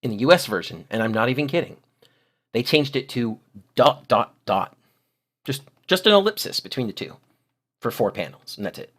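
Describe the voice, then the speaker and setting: With an exasperated, sarcastic edge, a channel host delivers critical commentary on videos and walks through translations in detail. He's very animated, speaking at a moderate pace in a medium-pitched, slightly bright voice.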